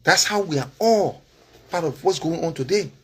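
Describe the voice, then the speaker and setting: A man with a Liberian English accent speaks straight to his followers in a loose, animated monologue. His voice sits a bit high and has a husky edge. He leans on "you understand?" and breaks into short chuckles. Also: moderate pace. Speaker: political vlogger and former candidate.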